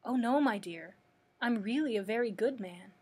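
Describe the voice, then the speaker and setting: Reading aloud in a gentle storytelling manner, a woman voices an old male humbug wizard who meekly and apologetically confesses he's a fake. Her voice is a little high with a breathy edge, her pace normal and her mood reassuring.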